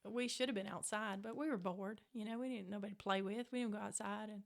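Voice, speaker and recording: A middle-aged woman with a Mississippi Southern accent, an author telling family stories in a casual interview, animated and quick to act out voices. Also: medium pitch, creaky. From Mississippi Delta. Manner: animated, acts out quoted voices, laughs often. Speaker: author, guest.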